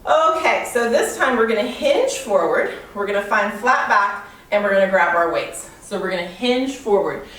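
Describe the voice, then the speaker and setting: A woman's voice: medium pitch, expressive, moderate pace, fairly bright tone. Female fitness instructor, winded, counts reps and calls cues, distant mic in a very echoey room. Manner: counts reps aloud, cueing moves while exercising. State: out of breath. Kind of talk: guided workout instruction.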